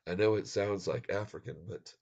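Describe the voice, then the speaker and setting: A man's voice: lowish voice, fairly even intonation, normal speed, creaky, a little mellow, muffled recording. An American man hosting a casual live stream, chatting with viewers, laughing often and mixing in bits of French and Spanish. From United States.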